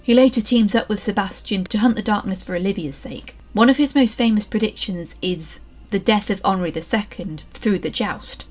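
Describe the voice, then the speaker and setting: A woman with a posh East Midlands English accent, giving a chatty, wry spoken review with asides. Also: medium pitch. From England. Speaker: video reviewer.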